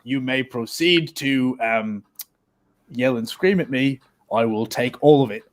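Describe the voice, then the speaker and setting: A man's voice: mid-range voice, measured pace. A man playing in a tabletop role-playing game, talking casually and animatedly with lots of fillers and rambling asides. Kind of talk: casual in-character and table chat.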